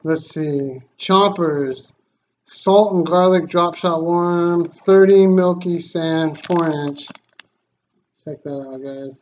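Guy unboxing stuff on his vlog, all excited and thankful, slow talker, kinda muffled lo-fi sound with a little hiss. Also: fairly high pitch. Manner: excited, grateful, exclaiming. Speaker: fishing channel host. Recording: slightly dull lo-fi sound, faint noise.

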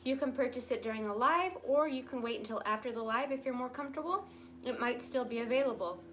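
A woman hosting a casual live-stream handbag sale from a room at home. She chats in a friendly way and coos at her pets in a high voice. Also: fast, fairly bright tone, a little hiss or hum. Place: room at home in natural light, pets nearby.

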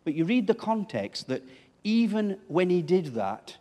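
A man's voice: sits high, big pitch swings, a little slow, dark tone, big-room sound. A man preaching a sermon as pastor, talking conversationally and putting questions to the congregation. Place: church.

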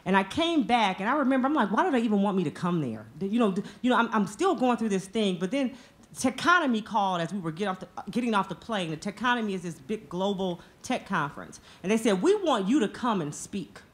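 A woman's voice: mid-range voice, expressive, fast talker. A woman in her forties telling a personal story on stage at a live storytelling event, earnest and emotional. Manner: earnest, emotional, speaks from the heart.

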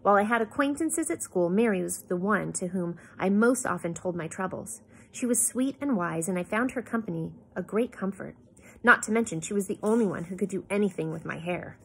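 A woman reading a novel aloud in an expressive way, with small slips and asides. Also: mid-range voice, brisk, gravelly, a little hiss or hum. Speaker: reader.

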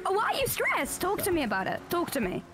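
A woman's voice: extremely high pitch, huge pitch swings, quick pace, music in the background. A woman chatting while playing a game, playful and giggly, hedging with lots of fillers. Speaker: fellow streamer. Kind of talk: casual gaming chat.

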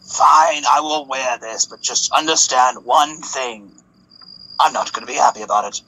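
A man's voice: mid-range voice, moderate pace, sharp tone, breathy edge, rough recording. A man voicing a heartbroken, self-pitying young man who whines and stammers. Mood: grumbling.

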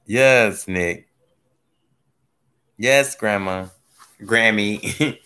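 A man hosting a gardening live stream, chatting casually as he reads viewer comments, joking and laughing, his voice swooping from low mutters up to high squeals. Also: animated, moderate pace, pushed and bright. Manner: playful, laughs often. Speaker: gardening livestream host.

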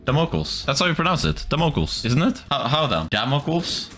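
A man streaming a game in casual commentary, excitable, swearing often and laughing a lot. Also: a little high, quick pace. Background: game music.

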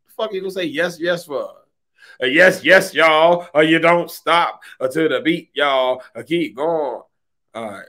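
A man co-hosting a podcast, talking in loud, profane, joking banter. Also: a little high, a little slow. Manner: loud, profane, jokey, exaggerating. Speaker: podcast co-host.

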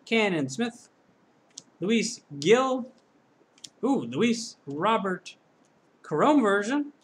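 In this solo pack-opening commentary, the host of a card-breaking channel chats casually and pokes fun at himself from a corner of his home. His voice is high and very animated, yet he talks very slowly. The clip carries slight background noise.

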